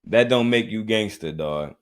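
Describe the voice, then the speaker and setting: A man's voice: lowish voice, expressive, normal speed. A man hosting a reaction commentary show, talking bluntly in profane street slang and hammering his points with repetition.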